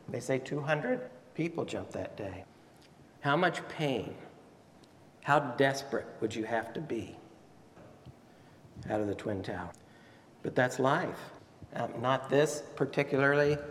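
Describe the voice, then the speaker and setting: A male pastor delivers a Sunday sermon, retelling the story and putting questions to his congregation. His voice sits at an ordinary middle pitch. The sanctuary's long reverb trails after his words. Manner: storytelling, asks the audience questions.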